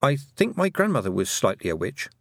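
A man puts on a headstrong little farm girl for an audiobook. She argues her point earnestly and won't let it drop. The voice sits lifted and bright over a dry, close sound. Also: mid-range voice, huge pitch swings, a little fast, no echo, voice pushed up. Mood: insistent. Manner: earnest, insistent, a little defiant. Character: stubborn young farm girl set on proving things. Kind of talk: audiobook character voice.

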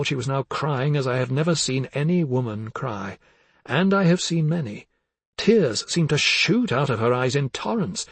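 A man's voice: mid-range voice, husky, no echo. A man narrating a literary novel as an audiobook, with intense, dramatic delivery.

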